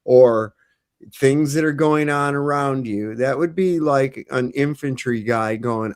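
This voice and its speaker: A man's voice: medium pitch, takes it slowly, dry recording, clean studio sound. A man leading a casual panel talk, blunt and emphatic, cursing freely. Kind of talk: casual chat.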